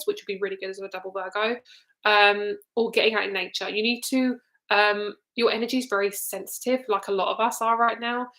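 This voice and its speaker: A woman's voice: mid-range voice, a bit bright. A young woman giving a casual live card reading to viewers, chatty and loose, with frequent ums and casual swearing. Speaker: tarot reader.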